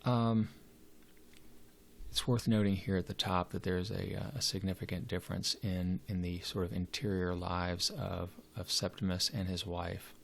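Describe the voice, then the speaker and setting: A man's voice: low-pitched, steady tone, moderate pace, gravelly. A man giving a literature lecture, hesitant and full of fillers and restarts. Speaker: literature teacher.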